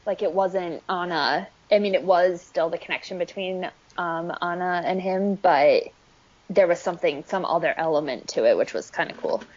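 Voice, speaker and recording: A woman in a casual chat, talking in a relaxed, measured way. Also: lowish voice. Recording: dull lo-fi sound.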